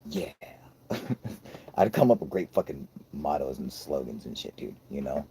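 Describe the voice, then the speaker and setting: Reading chat on his livestream, an American host jokes around with lots of cursing and laughing. His scratchy voice is very deep, husky and dark-toned, with a sing-song lilt and a slightly slow pace.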